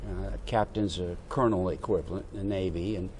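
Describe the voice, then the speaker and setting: A man's voice: low voice, brisk, a little hiss or hum. Older man telling a service story. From United States. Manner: animated anecdote-telling with quoted dialogue. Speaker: veteran interviewee. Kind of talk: oral history storytelling.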